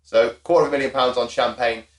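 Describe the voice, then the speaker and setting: A man's voice: medium pitch, steady tone, fast talker, echoey room. A man hosting a podcast, talking in a sardonic, crude casual-chat manner. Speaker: podcast host.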